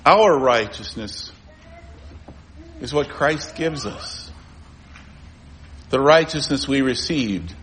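A male pastor preaching a sermon, pressing rhetorical questions and swinging between urgent, raised lines and low, quiet ones. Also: a little hiss or hum.

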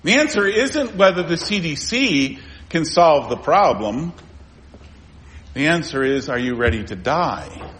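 A male pastor preaching a sermon, pressing rhetorical questions and swinging between urgent, raised lines and low, quiet ones. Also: animated, a little slow, a little hiss or hum.

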